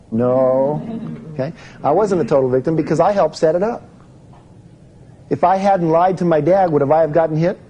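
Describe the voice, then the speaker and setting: A man with a warm voice on the high side gives a live self-help seminar, heard on a rough recording. He explains things step by step and puts questions to his audience.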